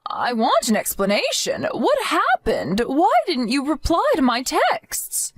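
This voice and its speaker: A woman's voice: high-pitched, wildly swooping pitch, a little slow, hardly any pauses. A woman voicing a protective, stern grandmother who demands answers and scolds firmly in a dramatized story. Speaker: narrator and grandmother.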